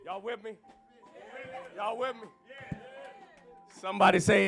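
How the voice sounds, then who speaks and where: High-voiced, gravelly man preaching a sermon. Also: fairly even intonation, measured pace, pauses often, faint music behind. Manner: fervent, climbing to shouted repeated refrains; folksy, chatty asides to the congregation. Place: church.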